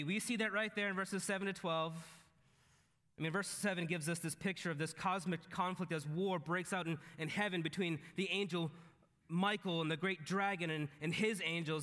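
Bright-voiced man preaching in a big hall. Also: moderate pace. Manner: swings between loud emphatic peaks and low intense passages. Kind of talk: sermon.

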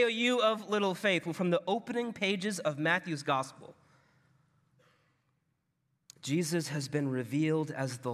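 A man preaching a sermon in a loose, conversational way, often dropping his voice low and soft for emphasis. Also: long reverb tail. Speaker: pastor.

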